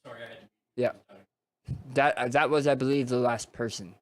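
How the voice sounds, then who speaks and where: A man running a board game on a stream, reading the rule cards aloud slowly for effect. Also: mid-range voice, steady tone. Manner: reads game cards aloud in a slow, drawn-out way. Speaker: game runner reading rules. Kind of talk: casual gaming stream chat.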